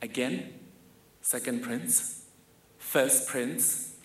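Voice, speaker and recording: On stage in an echoey hall with faint ambience, a young man from South Africa shares a personal anecdote. He talks extremely slowly in a mid-range voice, and his delivery is vivid, wry and self-deprecating.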